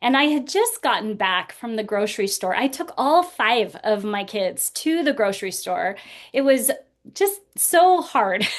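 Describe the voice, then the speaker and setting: A woman in her forties speaks as a podcast guest, telling a painful story from her own life. Her voice sits fairly high, and she is earnest, with light laughter slipping in through the hard parts.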